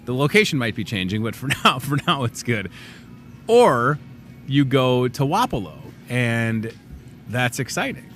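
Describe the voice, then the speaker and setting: A man's voice: mid-range voice, sing-song, a little slow, fairly bright tone, faint music behind. A middle-aged man, hosting a casual daily talk show in a chatty, upbeat, self-joking way.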